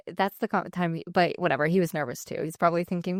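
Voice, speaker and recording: A woman's voice: lowish voice, quick pace, few pauses, no echo. Chatty young woman, dry close sound. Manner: chatty, animated storytelling with quoted voices. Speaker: podcast co-host. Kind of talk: casual faith conversation.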